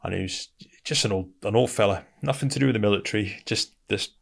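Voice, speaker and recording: A middle-aged man with a British accent speaks in a low, gravelly voice. He tells his story bluntly and casually, like a chat with a friend, and keeps calling the listener "mate". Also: quick pace. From Britain. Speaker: guest, military veteran.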